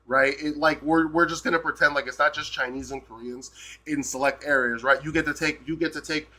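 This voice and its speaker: A man's voice: on the high side, fairly even intonation, a little fast, sharp tone. A man from the United States ranting heatedly on a live stream, swearing a lot and tagging "right?" onto his points. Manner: profane, repeats "right?" constantly, heated.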